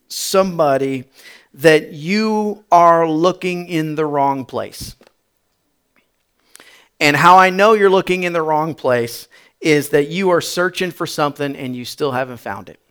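A male pastor telling a story in a sermon, chatty and repetitive, building to loud emphatic bursts. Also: fairly high pitch, measured pace, smooth.

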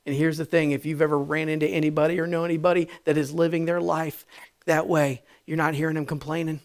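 A man preaching a sermon, swinging from shouting to hushed tones. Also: fairly high pitch, flat delivery, fast, creaky. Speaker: pastor.

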